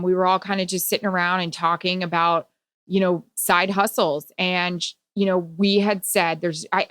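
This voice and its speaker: A woman in her forties co-hosting a podcast, telling stories in casual chat with a slightly nasal, animated delivery. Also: lowish voice, no room sound. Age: 40s. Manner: animated storyteller. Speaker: podcast co-host.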